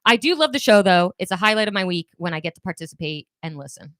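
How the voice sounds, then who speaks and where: A woman's voice: lowish voice, lively intonation, quick pace, fairly bright tone, dry recording. A woman co-hosting a podcast, chatting casually and reading listener comments aloud with wry, giggly asides. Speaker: podcast co-host.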